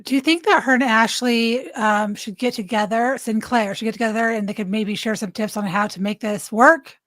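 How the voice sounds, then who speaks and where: Higher-voiced curious woman. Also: normal speed, fairly bright tone, no echo. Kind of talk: casual chat.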